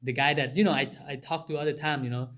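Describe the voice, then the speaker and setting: A man who is a podcast guest, telling stories in halting non-native English with many restarts and fillers, laughing as he talks. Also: medium pitch, steady tone, a bit bright. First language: Japanese or Thai. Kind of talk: casual conversation.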